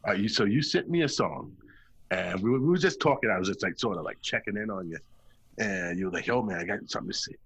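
Husky guy, bright voice, loose profane chat, lots of swearing. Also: lowish voice, animated, fairly quick. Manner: profane, emphatic. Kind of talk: casual chat.

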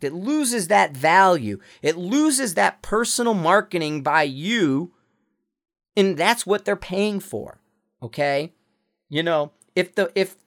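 A man's voice: sits high, a bit bright. A man hosting his own podcast, talking bluntly in a heated, profane rant full of restarts, recorded while walking around a neighborhood. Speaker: podcast host. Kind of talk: casual ranting monologue.

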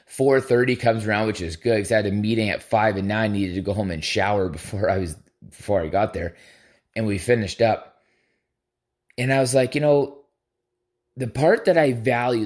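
A man with a lowish voice tells a rambling story on his podcast. He swears constantly and voices his own thoughts as quotes, in loose, conversational talk. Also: darkish tone. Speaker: podcast host. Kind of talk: casual storytelling monologue.

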